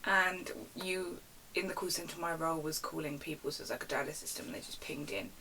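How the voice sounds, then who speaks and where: A woman's voice: low-pitched, a little fast. Young woman, chatty vlog storytime rant, slightly distant mic, faint hiss. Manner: chatty, animated retelling with acted-out quotes. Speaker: vlogger. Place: bedroom at home.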